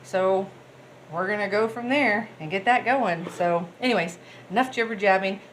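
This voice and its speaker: In a casual cooking vlog, a bubbly woman chats and rambles happily, speaking directly to viewers as she cooks at home. Her voice is mid-range and her speed is normal, with a bit of noise in the background.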